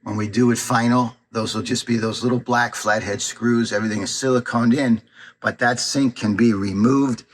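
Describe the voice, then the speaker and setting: A man's voice: lowish voice, a bit bright, no room sound. A man giving a plainspoken, folksy walkthrough of a van build, demonstrating parts as he talks. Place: inside a van.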